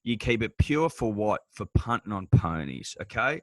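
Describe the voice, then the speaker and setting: A man's voice: on the low side, very animated, moderate pace, no echo. A man with an Australian accent co-hosting a sports podcast, emphatic and profane in casual chat. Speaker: podcast co-host.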